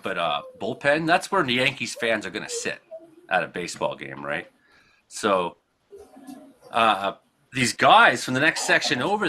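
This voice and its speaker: A man from Canada, hosting a casual talk show, telling a rambling, profane story with frequent laughs and acted-out shouted quotes. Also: medium pitch. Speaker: podcast host.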